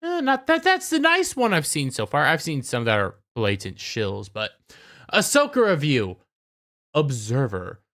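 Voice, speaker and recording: A man's voice: a little high, wildly swooping pitch, a little slow, fairly bright tone. A young man hosting a YouTube channel, ranting in a casual, sarcastic, mocking way and often repeating words as he starts a sentence. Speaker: YouTube commentator. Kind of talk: casual rant commentary.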